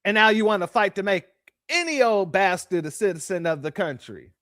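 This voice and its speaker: A man's voice: high voice, fairly quick, fairly bright tone, no echo, clean studio sound. A man hosting reaction commentary, talking bluntly and sardonically to his viewers. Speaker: commentary host.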